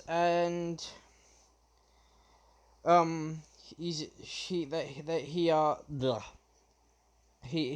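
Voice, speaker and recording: A young man retelling his fan story off the cuff, halting often with fillers and restarts. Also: a little high, clear, resonant tone.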